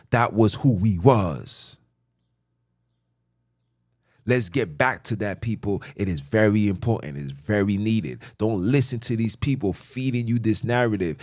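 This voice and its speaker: A man's voice: medium pitch, a little mellow. A middle-aged man hosting a podcast, delivering an emphatic, repetitive, lecturing monologue. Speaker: podcast host. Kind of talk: preachy monologue.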